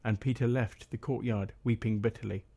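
A man reads scripture aloud at a steady pace, his voice mellow and relaxed. When he speaks in his own words as the meeting's leader, he talks in a loose way with hesitant ums and uhs. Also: fairly low pitch, normal speed, gravelly, breathy edge. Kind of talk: Bible reading and spoken commentary.

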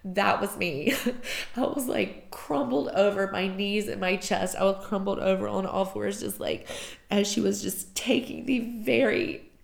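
Female podcast host, gravelly, emotional and rambling storyteller, roomy sound. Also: mid-range voice. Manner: emotional, rambling, heavy use of filler "like". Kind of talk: personal storytelling monologue.

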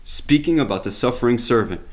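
A man's voice: medium pitch, expressive, a little fast. A man teaching from the Bible by retelling it as a story, with conversational asides and emphatic quoted lines.

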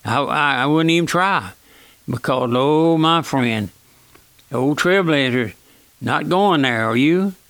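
A man preaching a sermon on the radio in a plain, folksy, earnest manner, often calling out to his listeners as friends and slowing down for scripture. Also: a little high, fairly bright tone, no room sound. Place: church auditorium.

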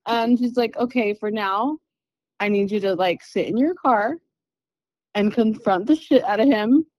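A woman guest telling a personal story in a podcast interview, candid and animated, swearing freely. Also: fairly high pitch, unhurried, no room sound, dull audio. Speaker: interview guest, spiritual healer.

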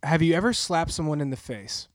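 A man hosting an interview, asking quick rapid-fire questions in a brisk way with dry humor. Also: fairly high pitch, expressive, dry recording. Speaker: interview host.

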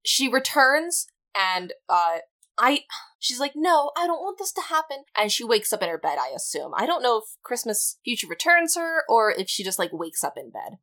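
A woman's voice: medium pitch, very animated, normal speed, bright, forceful tone. A young woman co-hosting a podcast, casually recapping a film and acting out characters' lines as she goes. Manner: chatty, acts out lines in quoted voices. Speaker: podcast co-host.

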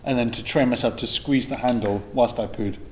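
A man's voice: medium pitch, steady tone, a little fast, darkish tone, a little hiss or hum. Crude rambling comic man. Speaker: improv comedian. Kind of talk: improvised comedy sketch.

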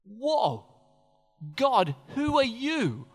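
A man's voice: extremely high pitch, wildly swooping pitch, drawn-out words, pitched above the performer's own voice, heavily acted. A man preaching who briefly voices an anxious, incredulous ancient king with exclamatory outbursts. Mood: alarmed. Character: flustered, anxious ancient king, male adult. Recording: echoey hall reverb.

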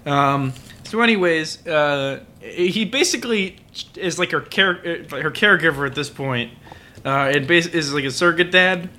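A man's voice: fairly high pitch, normal speed, bright, forceful tone. A drunk man on a podcast casually recapping an anime, rambling with lots of fillers and restarts. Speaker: podcast co-host.

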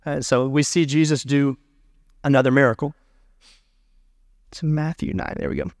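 A male pastor preaching a sermon in a conversational way, reading scripture aloud with pauses. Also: medium pitch, a little mellow, no room sound, clean studio sound.

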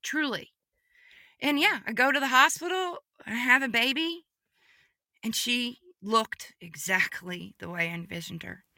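A woman giving a podcast testimony, telling a personal story vividly and emotionally, often repeating phrases and moving between hushed and excited delivery. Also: fairly high pitch, measured pace, no room sound, clean studio sound.

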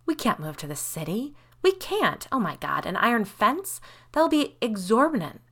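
A worried young mother who protests in anxious, rising bursts, voiced by a female narrator. Her tone is bright and lifts higher than the narration. It stays close to the narrator's own voice. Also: very animated, moderate pace, heavily acted. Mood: distressed.

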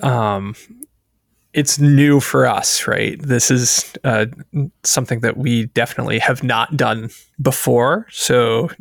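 A man with a mid-pitched, gravelly voice talks casually as a podcast co-host. He sounds relaxed and a bit hesitant, with frequent uhs, and the recording is dry and close. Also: takes it slowly, dry recording. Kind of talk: casual chat.

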